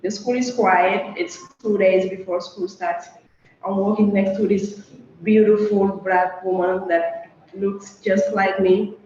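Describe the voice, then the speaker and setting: A young woman from Senegal performing a personal story on stage, animated and acting out the voices of the people in it. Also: mid-range voice, takes it slowly. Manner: lively, acts out quoted voices and sings short snippets. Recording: very echoey, dull lo-fi sound with faint noise.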